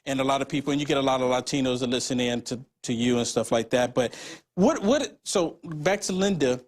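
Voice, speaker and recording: A man hosting an interview, asking long rambling questions with many halting restarts. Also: medium pitch. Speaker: interviewer host.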